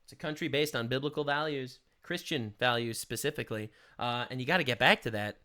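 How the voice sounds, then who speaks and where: A man's voice: medium pitch, brisk. A man doing sarcastic, emphatic reaction commentary as a streamer. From United States. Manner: loud, sarcastic, emphatic interjections. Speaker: streamer reacting to a political video.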